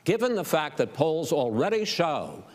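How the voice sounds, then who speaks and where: A man moderating a televised debate, measured and firm, pressing with pointed questions. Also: a little high, sing-song. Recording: reverberant debate hall.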